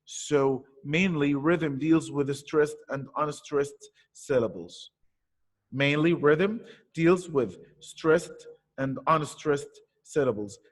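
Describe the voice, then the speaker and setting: A man teaching an online poetry lesson, patiently explaining and repeating key points. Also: on the high side. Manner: patient, explains slowly with repetition. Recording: echoey room with long reverb.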